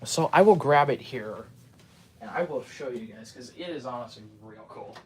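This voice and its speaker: A man's voice: medium pitch, animated, breathy edge. Rambling young man on a hobby livestream. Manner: rambling, full of ums and restarts, fast talker. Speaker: livestream host. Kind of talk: casual livestream chat.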